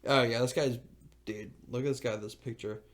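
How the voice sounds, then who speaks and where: A man in his twenties co-hosting a podcast, rambling excitably in casual chat full of filler words. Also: medium pitch, normal speed. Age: 20s. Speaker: podcast co-host.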